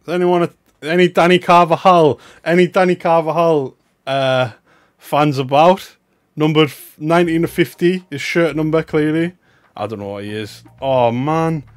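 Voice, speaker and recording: A young man giving excitable, chatty commentary on a live stream, swinging between loud bursts of hype and muttered asides. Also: fairly high pitch, normal speed, dry recording, soft background music. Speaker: livestreamer opening trading cards.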